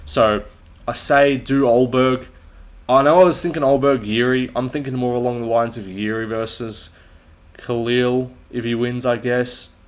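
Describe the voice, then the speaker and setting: A man's voice: medium pitch, steady tone, a little slow. A young man hosting a casual solo recap of fight results, blunt, profane and mocking. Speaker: MMA commentator and channel host.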